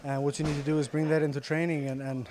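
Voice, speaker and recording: Young guy, faint irish lilt over his english, soft and hesitant, bit higher voice, lots of uhs, talking in a gym. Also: flat delivery. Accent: slight Irish-tinged English. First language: Icelandic. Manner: soft-spoken, many pauses and fillers. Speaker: interviewed fighter. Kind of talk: casual interview answers. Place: sports gym.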